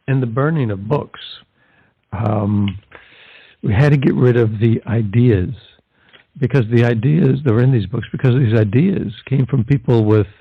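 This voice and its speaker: Gravelly man on a tinny line. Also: fairly low pitch, no room sound. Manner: fervent, full of rhetorical questions. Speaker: Catholic evangelist presenter. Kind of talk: podcast commentary. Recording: tinny phone-like line, dry.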